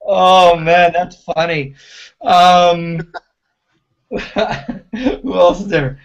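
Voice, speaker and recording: A man's voice: high voice, steady tone, extremely slow. A male DJ hosting a casual interview over a video call, chatty and full of fillers. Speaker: DJ host.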